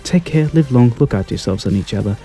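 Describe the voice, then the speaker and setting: A man in his thirties with an Australian accent, giving gentle, polite ASMR gameplay commentary on a close mic. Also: medium pitch, lively intonation, quick pace, faint music behind. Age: 30s. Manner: gentle, polite and mild, easily delighted. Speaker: gaming channel host.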